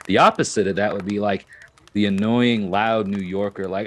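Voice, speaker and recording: A man's voice: fairly low pitch, fairly even intonation, normal speed, a bit bright. A man chatting casually and goofily while streaming a game. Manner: rambling, joking, goofy. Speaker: live-stream gamer. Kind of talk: casual live-stream chat.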